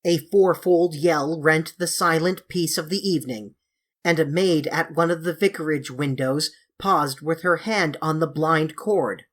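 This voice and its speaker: A woman reading a classic children's novel aloud in a measured, expressive storybook narration. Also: low voice. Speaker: audiobook reader.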